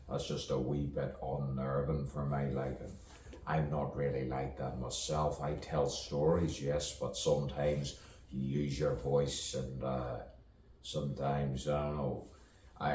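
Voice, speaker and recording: Deep guy rambling slow, trying on voices, kinda far off the mic. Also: little pitch movement, darkish tone, slight background noise. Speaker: voice artist. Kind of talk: rambling spoken-word monologue. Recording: roomy, distant mic with faint ambience.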